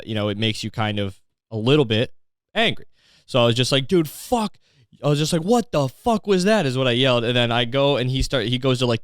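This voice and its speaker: A man's voice: mid-range voice, a bit bright, clear, resonant tone, dry recording, studio quality. A man hosting a comedy podcast, delivering a profane, rambling, mock-outraged monologue. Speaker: podcast host.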